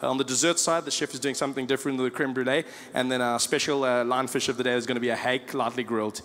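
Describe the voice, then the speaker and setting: A comedian voicing a polite young white waiter who hesitates with many uhs. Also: male voice, mid-range voice, steady tone, rapid-fire, fairly bright tone, voice pushed down, natural voice. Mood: courteous.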